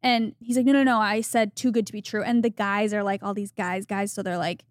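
A young woman co-hosting a podcast, telling a story in animated casual chat and acting out what people said. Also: mid-range voice, fairly quick, dry recording, clean studio sound. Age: young adult. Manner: animated gossipy storytelling with quoted voices. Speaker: podcast co-host.

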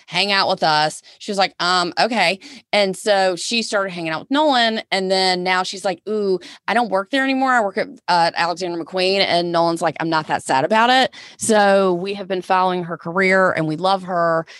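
A woman's voice: fairly low pitch, moderate pace, fairly bright tone, no echo, studio quality. A woman co-hosting a podcast, bantering and teasing in casual chat. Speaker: podcast co-host, stylist.

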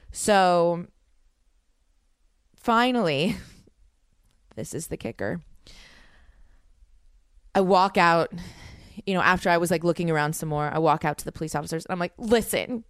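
Young woman, podcast host, animated dramatic storytelling, many fillers, smooth clear voice, dry close mic. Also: on the low side, dry recording.

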